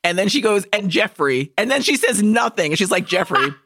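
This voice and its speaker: A woman co-hosting a movie podcast, recapping a film's plot in a profane, animated way and acting out the characters' lines. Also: mid-range voice, quick pace, no echo, studio quality. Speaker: podcast co-host. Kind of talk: casual movie discussion.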